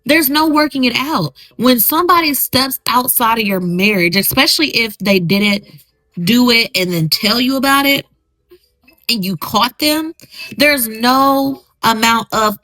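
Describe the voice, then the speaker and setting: A woman's voice: a little high, animated, a little slow, pushed and bright, no echo, low-quality recording. A woman podcast host, giving blunt, emphatic commentary on social media posts she reads aloud.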